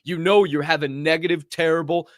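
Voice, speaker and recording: A man's voice: fairly high pitch, fairly even intonation, fairly quick, no echo, clean studio sound. A man hosting a podcast, delivering a fiery, profane motivational monologue in reaction to a clip. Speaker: podcast host.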